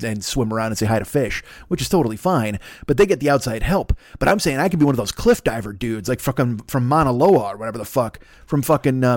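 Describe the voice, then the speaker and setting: A man's voice: mid-range voice, darkish tone, dry recording, clean studio sound. An older man hosting a solo podcast, rambling through profane, self-mocking comic tangents into a laptop microphone. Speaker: podcast host. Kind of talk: solo comedic rant.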